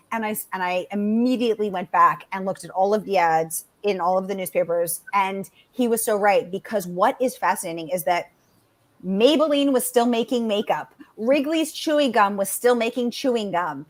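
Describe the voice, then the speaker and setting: Woman author guest, animated and talkative, average pitch. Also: normal speed. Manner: animated, chatty, many fillers. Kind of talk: conversational interview answers.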